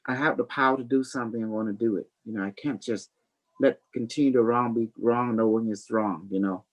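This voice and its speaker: A man's voice: medium pitch, fairly even intonation, fairly quick, low-quality recording. A man hosting a live stream, rambling loosely and preaching, dropping "you know" and calling people honey. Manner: affectionate, calls listeners honey. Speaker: livestream host.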